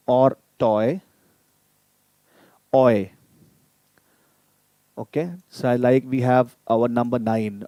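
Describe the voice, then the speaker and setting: A man teaching German in a live online lesson, repeating each sound slowly so viewers can copy it and inviting them to type in questions. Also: medium pitch, warm tone, no room sound. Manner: addresses viewers directly, inviting typed questions.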